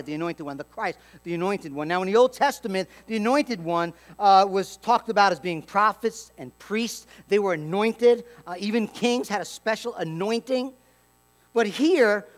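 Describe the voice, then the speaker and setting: A man preaching a sermon as pastor, telling stories with lively acted-out dialogue and dropping to a hushed tone for emphasis. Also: sits high. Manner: animated storytelling, acts out dialogue.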